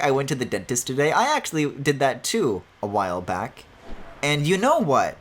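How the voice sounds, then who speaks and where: A man's voice: mid-range voice, very animated, normal speed, fairly bright tone. A man streaming a video game, chatting casually as he plays, swearing and laughing often. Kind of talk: casual let's-play commentary.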